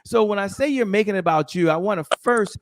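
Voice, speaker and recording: A middle-aged man giving an energetic, emphatic motivational talk on sales as a guest speaker, repeating his key phrases. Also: high-pitched, fast talker, dry recording.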